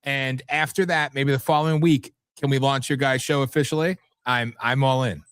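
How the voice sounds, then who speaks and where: A man's voice: medium pitch, steady tone, moderate pace, fairly bright tone, clear, resonant tone, no echo. A man hosting a live talk show, rambling and blunt, repeating words and swearing freely. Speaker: host.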